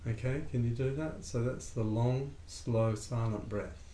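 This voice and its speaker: Calm man teaching breathing in an echoey room. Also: mid-range voice, unhurried. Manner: calm, conversational, acts out little dialogues. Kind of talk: relaxed spoken lesson with a student. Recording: echoey room with faint ambient noise.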